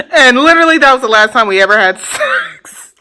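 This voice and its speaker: A woman's voice: high voice, wildly swooping pitch, a little slow, pushed and bright. A woman in her twenties casually telling a storytime tale to her viewers, blunt and profane, laughing often. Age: 20s. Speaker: vlogger.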